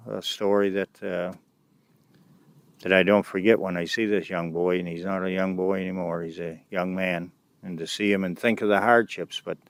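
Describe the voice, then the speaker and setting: Here a low-voiced, middle-aged youth mentor shares stories from his experiences, with no room sound behind him. He speaks haltingly and without polish, often restarting and tossing in "anyway" asides.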